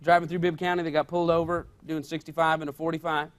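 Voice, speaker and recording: A man's voice: a little high, level tone, quick pace, clear, resonant tone. A male pastor preaching a sermon in an emphatic way, repeating his key points.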